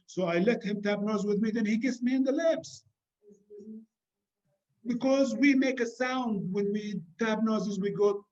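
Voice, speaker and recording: A man's voice: high voice, measured pace. A man from the UAE speaking casually to an audience about etiquette, chatty and direct with many fillers and asides. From United Arab Emirates. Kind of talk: informal talk to an audience. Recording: slightly dull, lo-fi sound.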